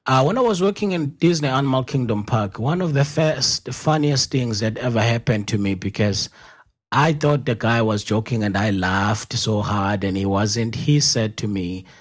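South African host, Zulu first language, rambling chatty storyteller, mid-pitched. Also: male voice, normal speed. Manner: rambling storyteller who laughs easily and uses many fillers. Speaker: podcast host. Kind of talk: casual conversational interview.

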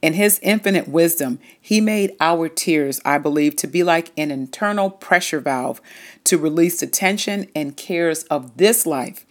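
Low-voiced woman giving a devotional. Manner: earnest, emphatic, with drawn-out words and fillers. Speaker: devotional host. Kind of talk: scripture reading and devotional talk.

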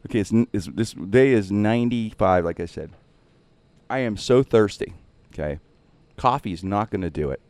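A man with a somewhat low voice tells a story in a casual, animated way, leaping up in pitch at punchlines. It is recorded dry and close, with no room sound. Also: moderate pace, no echo. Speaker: radio host and impressionist.

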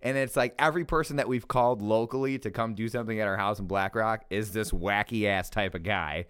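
A man's voice: on the low side, brisk, clear, resonant tone. A man telling a story in casual chat, swearing freely and mimicking the people in it. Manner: animated, swearing, mimics people in exaggerated voices.

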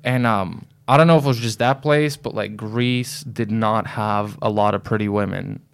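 A man's voice: lowish voice, moderate pace, creaky, smooth. A man as a podcast guest, chatting casually and telling a rambling story full of fillers. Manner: loose storytelling with lots of fillers. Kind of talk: casual chat.

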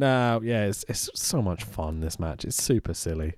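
A man chats loosely as a podcast co-host, swearing freely and breaking into laughter. His pitch swings widely from low mutters to high bursts. The sound is dry and close. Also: moderate pace, no room sound. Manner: excitable, sweary, laughs often. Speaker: podcast co-host recapping wrestling. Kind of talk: casual chat.

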